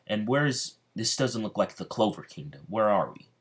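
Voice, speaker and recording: A man's voice: on the low side, sing-song, moderate pace, breathy edge. A man voicing a confused young male mage who asks where he is. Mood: puzzled.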